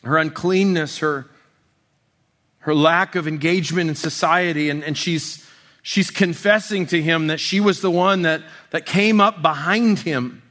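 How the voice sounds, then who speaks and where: Conversational preacher with a higher voice. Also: male voice. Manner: conversational, many restarts, drops soft and slow for tender lines. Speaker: pastor. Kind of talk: expository sermon.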